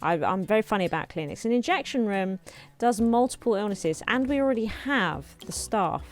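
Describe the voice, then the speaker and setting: A woman hosting a let's play, chatting casually and thinking aloud as she builds, her voice slightly hoarse. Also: medium pitch, expressive, moderate pace, faint music behind. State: slightly hoarse, clearing throat. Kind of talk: casual gameplay commentary.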